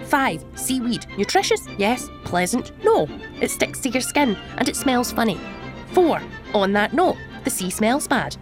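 Sardonic young woman, deadpan comic host, fairly high voice over faint music. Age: young adult. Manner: sardonic, quick deadpan asides. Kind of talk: scripted comedic monologue.

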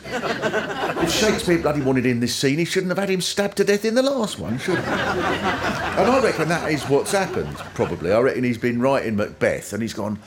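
A man's voice: a little high, moderate pace. A man doing a stand-up comedy routine on stage, acting out the people he quotes. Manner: animated, acts out quoted characters. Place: theatre with a live audience. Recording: noisy live stage recording. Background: audience laughter.

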